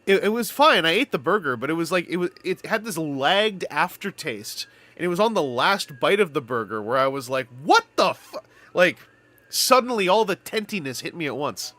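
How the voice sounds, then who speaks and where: Lively, bright-voiced man rambling on stream. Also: fairly high pitch, moderate pace. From Canada. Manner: rambling, animated storytelling with playful wordplay. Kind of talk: casual live-stream chat.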